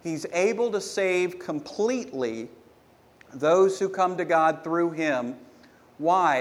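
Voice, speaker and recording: Guy preaching a sermon, slow and deliberate, kinda high voice, fires off questions at the crowd. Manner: lively preaching with punchy rhetorical questions. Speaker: pastor.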